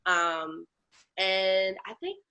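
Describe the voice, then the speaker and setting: A woman from Chicago telling stories as an interview guest, lively and acting out other people's lines. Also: medium pitch, drawn-out words, lo-fi sound. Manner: animated storyteller, acts out quoted voices. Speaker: guest, lactation educator and comedian. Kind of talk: casual interview chat.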